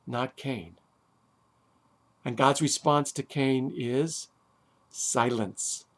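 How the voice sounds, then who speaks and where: Slow, deliberate rabbi giving a sermon. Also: male voice, mid-range voice. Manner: deliberate, with long dramatic pauses and emphatic stresses. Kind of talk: sermon on the weekly Torah portion.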